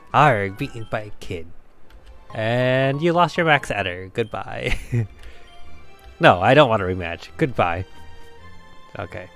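A man's voice: mid-range voice, fairly bright tone. Chatty man narrating his gameplay. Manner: chatty, laughs often, talks to himself. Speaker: game streamer. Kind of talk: let's play commentary.

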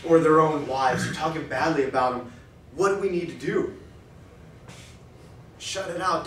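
A man speaking at a men's breakfast in a cafe, preaching in an animated way and acting out quoted thoughts in a hushed voice. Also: a little high, a little hiss or hum. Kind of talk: preaching talk. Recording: echoey room, mic far off.

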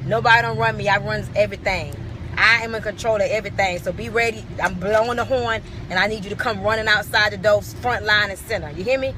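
A woman's voice: medium pitch, fairly even intonation, fast talker, background noise. A woman, sitting in her car and delivering an emphatic, repetitive motivational rant. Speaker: vlogger.

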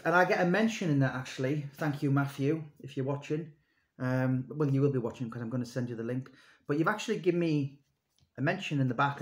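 A man in his thirties, an author and publisher, rambling conversationally about his books with many fillers and restarts. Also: mid-range voice. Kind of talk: casual monologue to camera.

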